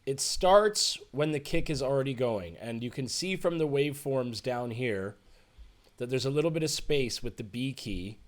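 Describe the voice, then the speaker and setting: A man teaching music production in a relaxed, chatty tutorial, thinking aloud as he works. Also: medium pitch, normal speed. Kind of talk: screen-share tutorial.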